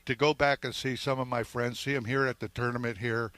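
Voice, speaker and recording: A man's voice: mid-range voice, fairly even intonation, a little fast, fairly bright tone, no echo. An older man, a former ballplayer, telling stories in a rambling way with many restarts during a live interview at an outdoor golf event. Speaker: former baseball player, guest.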